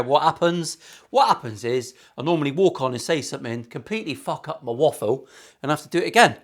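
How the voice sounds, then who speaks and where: A middle-aged man chats his way through a guitar build in his home workshop. His voice sits a little higher than most men's, and he keeps up a steady stream of swearing and self-mockery. The talk is loose and wandering, aimed straight at his viewers. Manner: sweary, self-mocking, rambling. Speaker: luthier and channel host. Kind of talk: casual workshop vlog banter.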